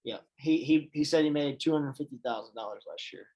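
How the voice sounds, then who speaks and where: A man who is an assistant coach, a guest on a podcast, talking in a relaxed, rambling, self-deprecating way. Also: fairly high pitch, brisk, muffled recording. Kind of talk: casual chat.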